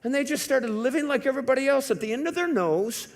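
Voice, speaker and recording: Animated storytelling male pastor. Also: extremely high pitch, fast. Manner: animated, swings from hushed to loud; conversational with many fillers. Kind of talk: storytelling sermon. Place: church.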